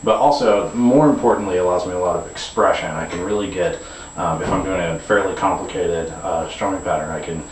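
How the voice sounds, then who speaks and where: A deep-voiced man talks through a guitar lesson in an easygoing, unscripted way, stopping to restart his sentences and dropping fillers as he goes. He sounds a few steps from the mic, in an echoey room with a faint hum of ambience behind him. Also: brisk, far from the mic. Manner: relaxed explaining with frequent fillers and restarts. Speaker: guitar teacher. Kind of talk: demonstration lesson.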